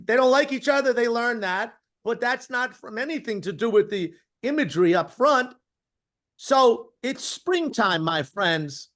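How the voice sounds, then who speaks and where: Slow, high-voiced mock-philosophical man. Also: expressive, a bit bright. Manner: grandiose, mock-philosophical, jokey. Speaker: podcast co-host. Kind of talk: rambling comic monologue.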